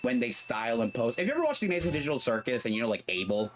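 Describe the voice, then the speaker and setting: A man's voice: medium pitch, sing-song, racing, background noise. Rambling man telling a story while gaming. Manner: rambling, full of fillers, acts out quoted voices. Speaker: streamer.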